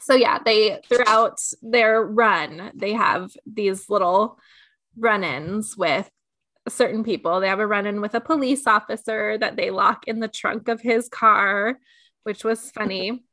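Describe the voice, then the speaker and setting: A woman's voice: mid-range voice, unhurried, bright, forceful tone, dry recording. A woman co-hosting a podcast in casual chat, retelling scenes and laughing often. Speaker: podcast co-host.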